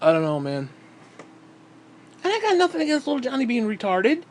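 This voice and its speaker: A man's voice: very high-pitched, wildly swooping pitch, fairly quick, slight background noise. A man vlogging in a heated, sarcastic rant, swearing constantly. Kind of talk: profane ranting monologue.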